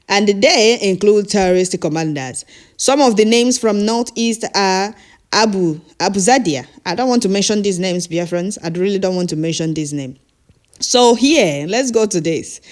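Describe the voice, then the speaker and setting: A woman's voice: medium pitch, darkish tone. A woman reading out news reports and breaking off with mocking comments and frequent laughter. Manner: laughs often, mocking asides.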